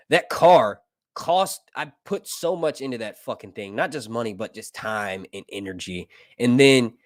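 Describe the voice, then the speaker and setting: A man's voice: mid-range voice, no room sound, studio quality. A man giving casual, profane movie commentary, rambling between jokes and reading passages aloud. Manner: profane, rambling, jokey asides. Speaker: film reviewer.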